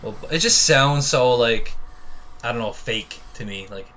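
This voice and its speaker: A man with a Newfoundland accent hosting a casual podcast, easygoing and quick to laugh. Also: mid-range voice, fairly bright tone. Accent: Newfoundland English. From Newfoundland, Canada. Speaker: podcast host. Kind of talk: casual wrestling podcast chat. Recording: slightly dull audio with faint hiss.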